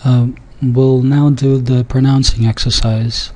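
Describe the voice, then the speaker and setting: Guy teaching pronunciation real slow, mellow low-key voice, repeats stuff carefully. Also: little pitch movement, rough recording. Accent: speaks a Yiddish dialect. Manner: deliberate, repeats words slowly, with pauses and small restarts. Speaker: language teacher. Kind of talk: slow classroom-style pronunciation lesson.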